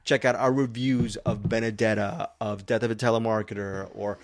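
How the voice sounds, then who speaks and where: A man's voice: on the low side, fairly even intonation, normal speed, dry recording. A man hosting a casual film podcast, rambling and teasing his co-hosts with mock indignation. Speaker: podcast host.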